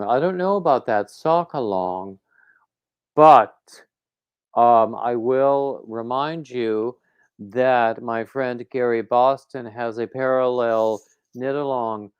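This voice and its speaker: A man's voice: mid-range voice, slow pace, clear, resonant tone, dry recording, dull audio. A man hosting a crafting livestream, rambling casually and reading out viewer comments. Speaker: crochet livestream host.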